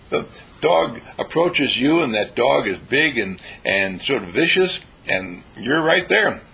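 A man delivers a motivational talk in a husky, gravelly voice. His pitch climbs and dips freely, and he acts out little exchanges in shifting voices. His tone is bright and pressing. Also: slow pace, low-quality recording. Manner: animated, acts out little dialogues in changing voices. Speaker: inspirational speaker.

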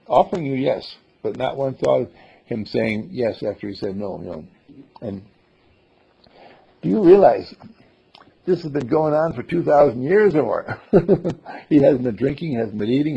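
A man's voice: medium pitch, gravelly, dark tone, slightly rough, highs cut off. A man teaching a small group in a playful way, acting out little dialogues in different voices. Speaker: spiritual teacher. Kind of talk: group talk.

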